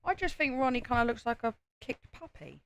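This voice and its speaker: A woman's voice: a little high, big pitch swings, fairly quick, gravelly, clear, resonant tone, no echo. A mother casually chatting and teasing while building a toy set on a live stream. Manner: teasing, laid-back. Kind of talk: casual chat.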